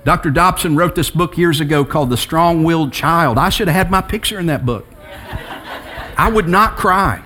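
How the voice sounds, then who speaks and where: A middle-aged man preaching a sermon as pastor, telling personal stories between quiet reflection and emphatic rises. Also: on the high side, a little fast, few pauses, slight background noise.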